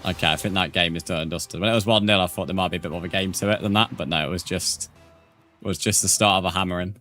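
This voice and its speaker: A man's voice: sits low, steady tone, racing, bright, forceful tone, faint music behind. A young man streaming a game live, chatting casually with viewers and swearing freely. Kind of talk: live gaming commentary, reading chat.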